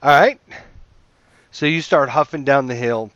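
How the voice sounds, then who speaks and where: A man with an average-pitched voice narrates a tabletop adventure as game master, meandering and correcting himself as he goes. He sounds close and dry, through a somewhat dull computer mic. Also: a little slow, fairly bright tone, dry recording. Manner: rambling, full of fillers, self-correcting. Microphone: computer mic over voice chat.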